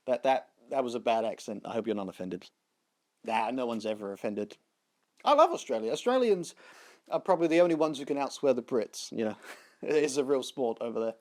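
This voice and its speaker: A man's voice: mid-range voice, expressive, fairly quick, a little mellow, no room sound, studio quality. A man hosting a comedy tech news show, delivering sarcastic, self-deprecating jokes. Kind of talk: comic tech news monologue.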